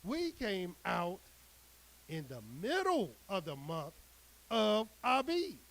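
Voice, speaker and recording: A man preaching a sermon, reading scripture aloud and expounding on it with an emphatic, drawn-out cadence. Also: high voice, huge pitch swings, fairly bright tone, low-quality recording.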